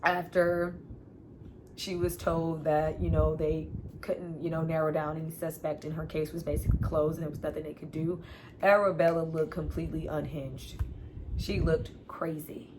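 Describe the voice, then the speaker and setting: A woman's voice: low-pitched, level tone, moderate pace, background noise. A woman casually recapping and reviewing a TV episode, animatedly acting out the characters' lines with sighs and laughs. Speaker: TV review vlogger.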